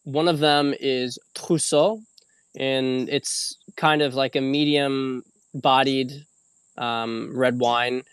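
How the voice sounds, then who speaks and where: A man's voice: medium pitch, steady tone, takes it slowly, fairly bright tone, clean tone, dry recording. Casual rambling man, dry close sound. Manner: rambling, casual, swears freely. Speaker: host. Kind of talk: casual livestream talk.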